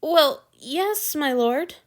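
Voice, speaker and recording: A woman's voice: sits high, animated, drawn-out words, voice pushed up, exaggerated voice. A woman voicing a timid, polite young male servant in a fan fiction reading, speaking hesitantly and apologetically. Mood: apologetic.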